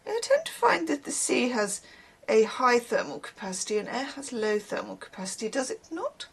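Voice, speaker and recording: A woman's voice: on the high side, big pitch swings, moderate pace, vocal fry, husky. A woman, a tarot reader chatting casually to camera, rambling with wry asides.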